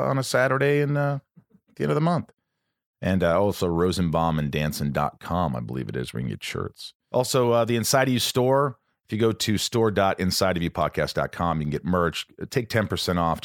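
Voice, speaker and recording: Low-voiced male podcast host, rambling, profane, casual chat; dry close mic. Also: dry recording. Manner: rambling and profane, with sudden high excited bursts.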